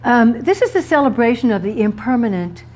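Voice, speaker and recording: A woman's voice: fairly high pitch, big pitch swings, a little fast, a little mellow. A woman author giving a talk to a live audience about words, playful and laughing at her own wordplay.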